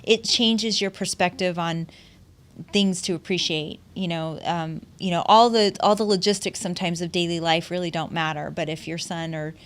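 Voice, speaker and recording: A woman's voice: fairly low pitch, fairly even intonation, normal speed, hardly any pauses. A middle-aged woman hosting a podcast, telling personal stories in an emotional, heartfelt way with frequent laughs and restarts. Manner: emotional storytelling, laughs often, many restarts. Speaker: podcast host. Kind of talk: casual heartfelt conversation.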